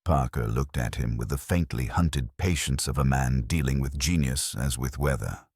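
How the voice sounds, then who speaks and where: A man narrating a mystery audiobook in a measured, atmospheric storytelling manner. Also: rumbling low, slightly rough, dry recording, studio quality.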